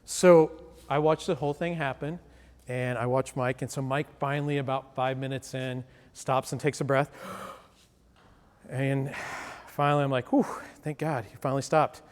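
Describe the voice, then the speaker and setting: In a presentation hall with long reverb, a man with a clear, resonant, medium-pitched voice delivers a sales presentation at a moderate pace. He's an animated storyteller, acting out dialogue and putting questions to the audience.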